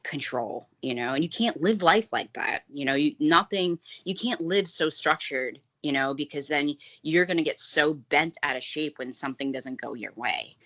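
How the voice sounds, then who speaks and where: Podcast guest: woman, thirties, low voice, candid and chatty, dull lo-fi recording. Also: moderate pace, few pauses, a bit bright. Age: 30s. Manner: candid, chatty, laughs often, many fillers. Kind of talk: casual storytelling chat.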